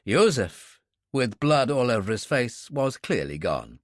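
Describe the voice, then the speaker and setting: A man narrating a thriller audiobook in a steady, measured storytelling manner. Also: mid-range voice, no room sound, clean studio sound. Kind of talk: scripted narration.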